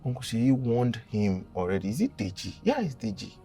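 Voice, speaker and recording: A young Nigerian man telling a funny confession story in a casual, dramatic and animated way, with a gravelly voice. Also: medium pitch, normal speed, hardly any pauses, recorded from a distance, faint music behind. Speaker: guest.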